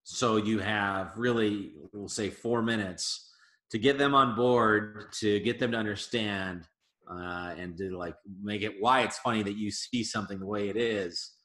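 A man, a comedian guest on a casual podcast interview, talking in an animated, emphatic way. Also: fairly low pitch, unhurried, reverberant. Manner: animated, emphatic advice-giving.

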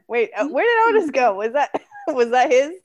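A woman's voice: high voice, sing-song, unhurried, lo-fi sound. A woman co-hosting a podcast in casual chat, teasing and laughing often. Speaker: podcast co-host.

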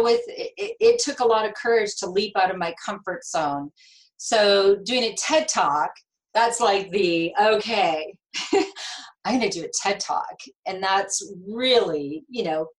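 Middle-aged woman, interview guest, emotional and lively storyteller, medium pitch. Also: rough recording. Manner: animated, emotional storyteller with laughs and restarts. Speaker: guest, nurse and speaker.

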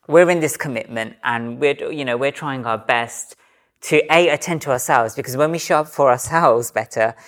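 A man's voice: medium pitch, normal speed, fairly bright tone. Earnest, reflective man. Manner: reflective, earnest, thinks aloud with restarts. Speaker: podcast guest. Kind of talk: casual chat.

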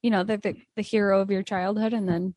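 A woman's voice: mid-range voice, little pitch movement, fast, warm tone, no echo. A woman chatting casually, laughing easily as she talks about a movie. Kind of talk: casual chat.

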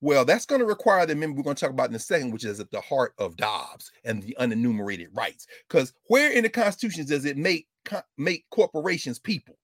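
A man giving an animated lecture with comic asides, jokey and quick to slip into mock voices. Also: mid-range voice, no echo, clean studio sound.

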